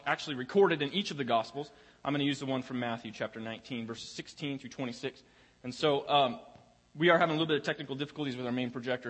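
A young pastor with a medium-pitched, fairly bright voice gives a conversational sermon in a church sanctuary. He repeats words often as he finds his place, and the large hall's reverb lingers.

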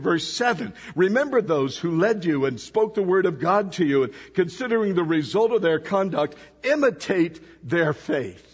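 A man with a high, breathy voice preaches a sermon to a church congregation as a visiting pastor. He tells a story and keeps asking the congregation questions. The recording is dull and lo-fi, and long reverb trails off through the church hall. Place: church sanctuary.

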